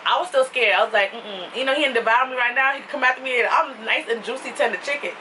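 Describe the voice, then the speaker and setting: Animated bright-voiced young woman vlogger. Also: rapid-fire, recorded from a distance, a little hiss or hum, poor audio. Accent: New York. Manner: animated, laughing, swings into high excited quoted voices. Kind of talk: casual storytelling to camera.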